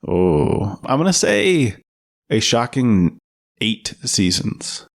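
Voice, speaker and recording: A man's voice: mid-range voice, big pitch swings, slow pace, creaky. A man co-hosting a podcast in casual chat, wry and teasing. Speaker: podcast co-host.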